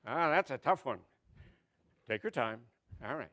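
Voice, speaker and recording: A man emceeing a comedy spelling bee, telling jokes and announcing mock quiz words in a deadpan way. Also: medium pitch, measured pace, pauses often. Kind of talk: stand-up comedy routine. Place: stage at a press club event.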